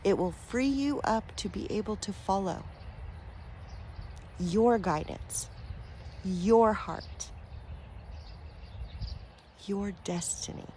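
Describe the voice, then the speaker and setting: Woman vlogger, mid-pitch, unhurried, heartfelt and rambling, light background noise. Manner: earnest, affectionate, rambling with fillers and soft laughs. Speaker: spiritual vlogger. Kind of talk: heartfelt direct-to-camera talk.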